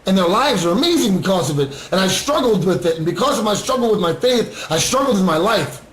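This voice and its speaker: A man's voice: high-pitched, lively intonation, fairly quick, a bit bright, reverberant, rough recording. Earnest man talking into a webcam. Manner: earnest, repetitive, asks "right?" often. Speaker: recovering addict sharing his story. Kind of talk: unscripted livestream monologue. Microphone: webcam or phone on a screen.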